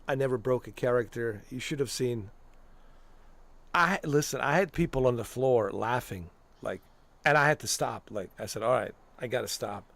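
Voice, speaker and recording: A man streaming a video game, chatting casually in a loose, joking way and laughing a lot. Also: medium pitch. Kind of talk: casual gameplay commentary.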